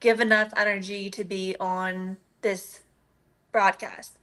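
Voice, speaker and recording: A woman's voice: medium pitch, level tone, slow, sharp tone. A woman chatting as a guest, talking earnestly and filling her sentences with "like". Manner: earnest, many "like" fillers. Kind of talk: casual chat.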